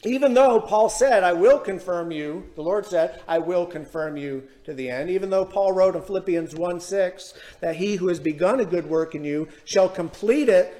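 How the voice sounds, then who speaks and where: A man with a high, light voice preaches from the pulpit. He speaks earnestly and drags out key words for emphasis. He often asks questions of his listeners. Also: normal speed, hardly any pauses, warm tone. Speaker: pastor. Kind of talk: sermon.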